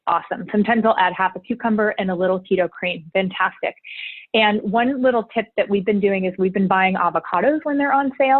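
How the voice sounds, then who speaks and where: A woman hosting a live online wellness class, upbeat and chatty as she reads out viewers' chat messages. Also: medium pitch. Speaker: cleanse program host. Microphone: video call. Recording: tinny phone-like call audio.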